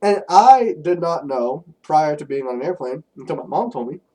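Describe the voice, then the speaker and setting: A man's voice: a little high, normal speed, poor audio. Profane young guy telling stories. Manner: profane, animated storytelling. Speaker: podcast co-host. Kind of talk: casual chat.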